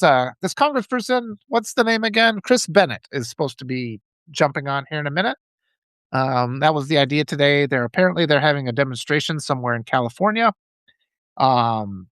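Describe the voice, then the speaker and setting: A man's voice: on the high side, expressive, fast talker, a bit bright, no echo, clean studio sound. A man hosting a livestream, giving impassioned political commentary and reading out viewers' chat, often repeating phrases for emphasis. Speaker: livestream host.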